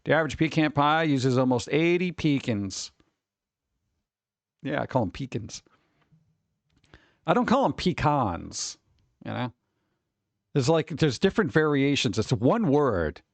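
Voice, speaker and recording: Wisecracking man with a lively voice. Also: medium pitch, a little slow, creaky, pauses often, dry recording. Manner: wisecracking, sarcastic asides. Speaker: streamer host. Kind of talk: casual live-stream chat.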